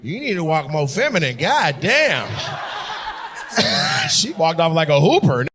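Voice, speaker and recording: Male stand-up, crowd work; unhurried, animated delivery, laughs through lines, teasing. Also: fairly high pitch, slight background noise. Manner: teasing, loud, often laughing mid-sentence. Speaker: stand-up comedian.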